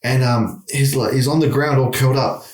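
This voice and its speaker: A man's voice: medium pitch, fairly even intonation, moderate pace, far from the mic. A middle-aged man, telling a long story in casual chat, with many restarts. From Australia. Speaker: guest. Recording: echoey room.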